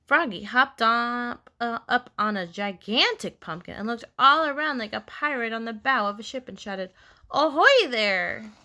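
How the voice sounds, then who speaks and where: A woman reading a children's story aloud, expressive, with playful sound effects. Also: a little high, normal speed, few pauses. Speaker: storybook reader.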